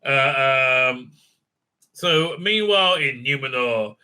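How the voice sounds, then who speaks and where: A man reviewing a TV episode in a sarcastic, profane rant, halting with many fillers. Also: medium pitch, animated, sharp tone, smooth. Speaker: TV show reviewer. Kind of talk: ranting recap and review.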